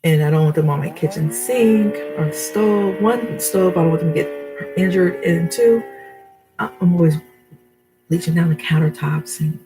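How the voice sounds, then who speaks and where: A woman's voice: on the low side, normal speed, over music, rough recording. A middle-aged woman chatting and giving advice on her video channel from her bedroom, rambling and laughing at herself. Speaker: vlogger. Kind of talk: casual advice vlog.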